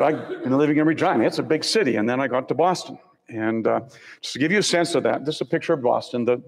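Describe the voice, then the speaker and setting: A man's voice: mid-range voice, gravelly, husky. An older man from Saskatchewan giving a public lecture as a university professor, telling stories with dry humor. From Canada (Saskatchewan). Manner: conversational storytelling with dry humor. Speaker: university professor and senior officer, guest speaker. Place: lecture room on a college campus. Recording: long hall reverb.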